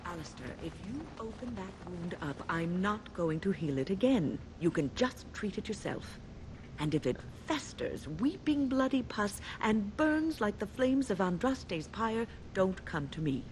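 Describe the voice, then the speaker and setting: Stern healer mage from a game, scolding, lively up and down voice, faint noise. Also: female voice, medium pitch, unhurried. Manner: scolding, dryly teasing.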